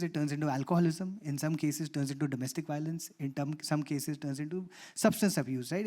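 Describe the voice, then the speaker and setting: An Indian English man speaks on a conference panel in a slightly high voice. He tells a personal story in an animated way and acts out the dialogue within it.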